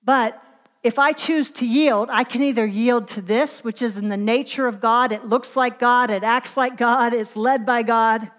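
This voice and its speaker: A middle-aged woman with a high voice preaches a sermon emphatically yet conversationally, prompting her listeners to supply the missing words.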